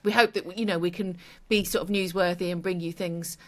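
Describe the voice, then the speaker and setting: A woman's voice: on the low side, fairly even intonation, fairly quick, a bit bright. A woman co-hosting a tech podcast, chatting upbeat and reading listener comments. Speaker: podcast co-host.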